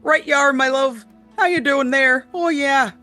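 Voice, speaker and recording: A woman's voice: high voice, unhurried, bright, forceful tone, soft background music, pitched above the performer's own voice. A woman voicing a sweet male forest gnome with a West Country accent and round vowels, calling out urgently. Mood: cheerful. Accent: West Country English.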